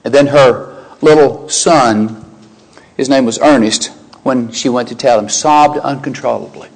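A man, older, preaching a sermon, animated, rising sharply in pitch when quoting and exclaiming. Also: low-quality recording.

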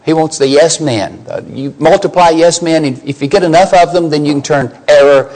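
A man's voice: on the high side, moderate pace, darkish tone, low-quality recording. A man preaching a sermon, emphatic, putting questions to his listeners and rising on key scripture lines.

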